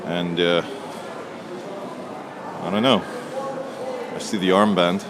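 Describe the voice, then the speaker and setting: A man's voice: sits low, steady tone, slow, a crowd in the background. A man from England walking through a city with a handheld camera and chatting sardonically about the buildings. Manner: chatty, sardonic, mocking asides. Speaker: vlogger. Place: outdoors on city streets. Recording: outdoor street noise with traffic.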